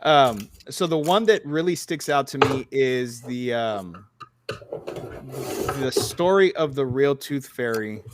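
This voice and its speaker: A man's voice: medium pitch, slow pace, background noise. Casual swearing man telling stories. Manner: animated storytelling, swears freely, lots of "like". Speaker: podcast host. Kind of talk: casual chat.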